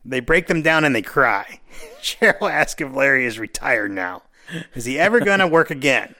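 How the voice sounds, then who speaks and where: On a podcast he co-hosts, a man runs through a TV episode in a casual recap, voicing the characters' lines himself. He is animated, acting out scenes with put-on quotes. He speaks at a moderate pace in a mid-range voice.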